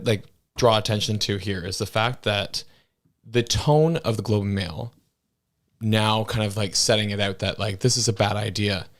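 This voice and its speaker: Chatty man co-hosting a political talk show. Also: fairly low pitch. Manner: loose and chatty, many "like" fillers, chuckling. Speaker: co-host of a political talk stream. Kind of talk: casual political chat.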